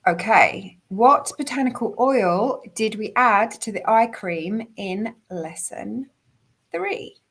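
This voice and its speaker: A woman's voice: mid-range voice, lively intonation, takes it slowly, a bit bright, breathy edge. A woman hosting a live online quiz, reading out questions and viewer comments in an upbeat way. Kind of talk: casual live-stream chat.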